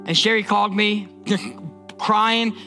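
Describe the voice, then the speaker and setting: A man's voice: high-pitched, little pitch movement, unhurried, sharp tone, soft background music. A man from Indiana preaching a sermon as a pastor, emphatic and repetitive, often restarting his words.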